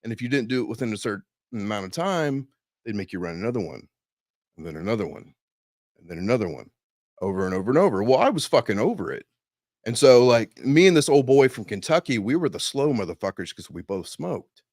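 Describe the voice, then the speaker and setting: A man telling a casual story as a podcast guest, swearing freely and animated. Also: medium pitch, fairly quick, no room sound, clean studio sound.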